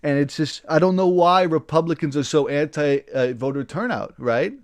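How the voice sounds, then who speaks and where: A man hosting a livestream, delivering a satirical in-character political rant. He rambles, keeps cutting himself off, and flares into loud indignation. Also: on the high side, normal speed. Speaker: livestream host.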